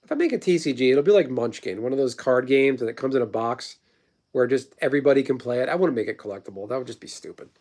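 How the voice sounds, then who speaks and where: A man's voice: medium pitch, expressive, fast, a little mellow. A man in his thirties hosting a casual livestream, rambling through stories and blunt, profane opinions while answering chat. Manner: replies to chat messages. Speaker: livestream host.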